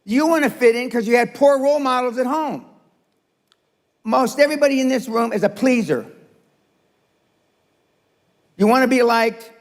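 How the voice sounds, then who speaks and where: Gravelly, blunt older man lecturing a room. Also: high-pitched, long reverb tail. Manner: blunt, profane and confrontational. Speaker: motivational speaker. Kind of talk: seminar speech to a live audience. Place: seminar room.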